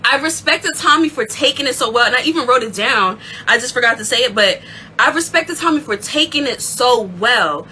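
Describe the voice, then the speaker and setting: A woman hosts a casual recap, her bright voice swinging through a wide, lively range. She tells the story with excitable energy. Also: on the high side, normal speed, slight background noise, poor audio. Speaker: aftershow recap host.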